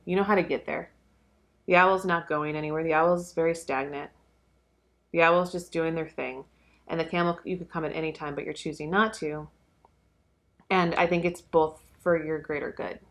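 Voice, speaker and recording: A young woman talks through a card reading in a loose, rambling way. Her voice sits a little low for a woman, and her talk is peppered with fillers and casual swearing. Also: fairly even intonation, normal speed, fairly bright tone. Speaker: tarot reader.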